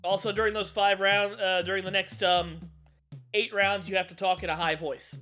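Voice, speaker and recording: A woman voicing a stubborn game master who flatly insists on the rules. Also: medium pitch, normal speed, faint music behind, voice pushed down, lightly acted. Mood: insistent. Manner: flat, insistent, rule-quoting.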